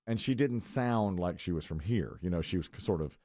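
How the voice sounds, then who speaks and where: Man, low voice, lively up-and-down delivery, dry studio sound, rambling storyteller. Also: normal speed, dry recording. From North Carolina. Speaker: radio show host. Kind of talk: casual morning show chat. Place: radio studio.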